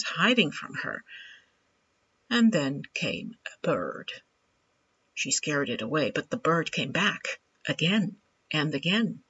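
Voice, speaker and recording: A woman reading a short story of her own in a friendly, unhurried way. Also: sits low, fairly bright tone, slightly rough. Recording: dull lo-fi sound.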